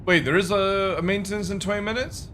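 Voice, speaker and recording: A fairly high-voiced man talking loosely to his live chat between game sessions. He rambles from one thought to the next and swears without a second thought. A faint hum of room noise sits under his voice. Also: fairly even intonation, fast, a bit bright. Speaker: game streamer. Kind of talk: casual live-stream chat.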